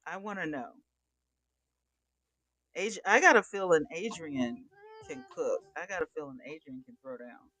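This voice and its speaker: A woman's voice: sits low, moderate pace, long pauses, a bit bright, soft background music, low-quality recording. A middle-aged woman hosting a casual livestream, chatting and greeting viewers by name. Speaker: livestream host.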